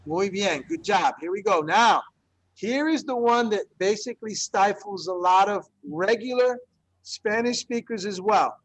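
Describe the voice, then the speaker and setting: A man's voice: high-pitched, animated, unhurried, poor audio. A man teaching a Spanish class, encouraging students and drilling pronunciation through repetition. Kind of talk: classroom language lesson.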